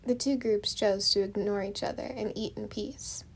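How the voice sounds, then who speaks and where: Gravelly-voiced woman reading a story. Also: mid-range voice, moderate pace. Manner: steady, descriptive. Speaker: narrator. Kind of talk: storybook reading of fan fiction.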